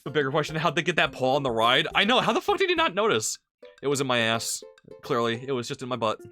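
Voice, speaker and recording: A man's voice: medium pitch, very animated, quick pace, pushed and bright, soft background music. Crude, joking young male streamer. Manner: joking, crude, laughs easily. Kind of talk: casual let's-play chat.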